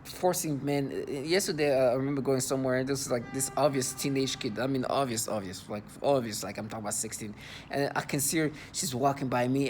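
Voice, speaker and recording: A man's voice: mid-range voice, slight background noise. A man talking to camera in an agitated personal monologue, indignant and disgusted, stumbling and repeating words as he goes. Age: adult. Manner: halting, repeats and restarts words. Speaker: vlogger.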